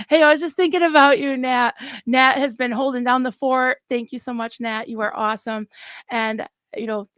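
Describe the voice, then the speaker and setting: A middle-aged woman hosting a casual livestream, chatting warmly and getting emotional, recorded close and dry. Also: high-pitched, fairly even intonation, moderate pace, clear, resonant tone, no echo. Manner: warm, emotional, chatty with laughs. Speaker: livestream host.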